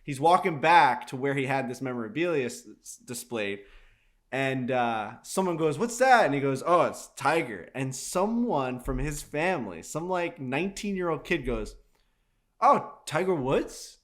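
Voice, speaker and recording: Swearing, animated male podcast co-host. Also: medium pitch, moderate pace. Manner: animated storyteller, swears freely. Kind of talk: casual chat.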